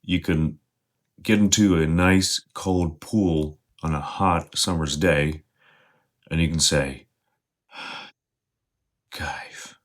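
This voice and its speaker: A man talking casually to camera, explaining slang in a relaxed, direct way to his viewers. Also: very deep voice, slow. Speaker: vlogger teaching slang.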